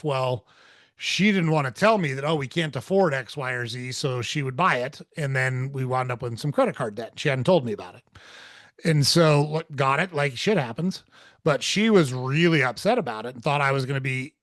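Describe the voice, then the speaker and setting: A man's voice: medium pitch, no room sound. Podcast host, man, 40s, blunt and casual, swears freely, dry recording. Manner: candid, swears freely, animated when quoting. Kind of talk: casual storytelling conversation.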